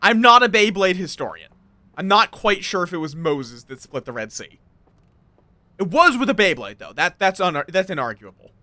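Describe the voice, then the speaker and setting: A man's voice: high-pitched, big pitch swings, moderate pace, bright, forceful tone, no echo. A man live-streaming a game, chatting playfully with his viewers as he plays. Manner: rambling, playful, greets chat.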